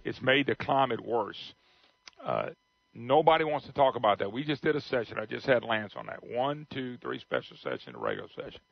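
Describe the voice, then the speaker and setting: A man's voice: medium pitch, sing-song, fairly quick, gravelly, no room sound. A man hosting a talk radio show, blunt and folksy in casual on-air chat. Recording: dull radio broadcast sound.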